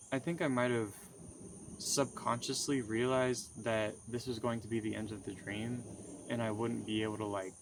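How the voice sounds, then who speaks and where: A man's voice: mid-range voice, slight background noise. A young man telling the story of a dream in a casual, rambling way, with many fillers and restarts. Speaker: vlogger recounting a dream.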